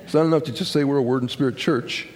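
A man preaching a sermon as pastor, talking in a folksy, halting way with fillers and restarts, to a congregation. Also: medium pitch, fairly even intonation, a little mellow. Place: church sanctuary. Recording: long church hall reverb with congregation.

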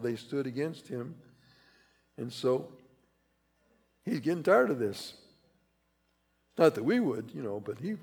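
A man's voice: medium pitch, expressive, a little slow, long pauses, darkish tone, slightly rough. A man preaching a conversational sermon, rambling and repeating himself, pressing key phrases with rising emphasis. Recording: reverberant hall.

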